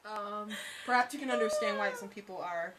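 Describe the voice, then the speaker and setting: A woman's voice: medium pitch, fairly quick, heavy background noise. A woman co-hosting a casual video game review, chatty and often trailing off mid-sentence. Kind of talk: casual chat.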